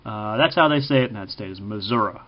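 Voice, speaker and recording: A man from Kansas giving casual spoken commentary, halting with frequent ums and self-corrections. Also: lowish voice, dull audio, crowd noise. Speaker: vlogger ranking TV preppers.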